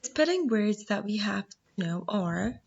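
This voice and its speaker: A woman whose first language is Arabic, teaching a phonics lesson, explaining slowly and sounding out words syllable by syllable. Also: medium pitch, expressive, vocal fry, slightly rough, dull audio.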